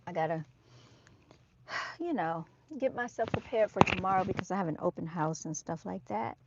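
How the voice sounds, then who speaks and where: Live-streaming from an outdoor motorcycle show, a woman chats casually and directly to her viewers on her phone, calling them "y'all." Her voice is on the low side at a moderate pace, and the dull, dry lo-fi recording is very noisy.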